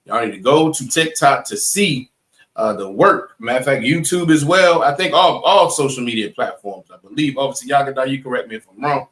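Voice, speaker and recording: Male class instructor, mid-pitched, emphatic, repetitive, talks straight to the stream chat. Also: fairly quick, a bit bright. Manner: emphatic, repeats points, asks "right?" often; addresses chat viewers directly. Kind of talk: live online class lecture.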